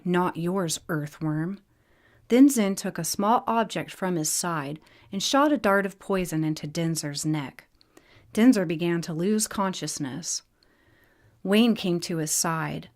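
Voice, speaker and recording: A woman narrating a fantasy novel in a plain, even storybook reading. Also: fairly low pitch. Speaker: audiobook narrator.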